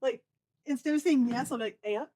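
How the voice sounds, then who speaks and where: A woman from Maine co-hosting a podcast, telling stories in a casual, animated way and laughing along. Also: a little high, moderate pace, no room sound, clean studio sound. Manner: animated, lots of "like" fillers, laughs. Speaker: podcast co-host. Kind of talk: casual storytelling.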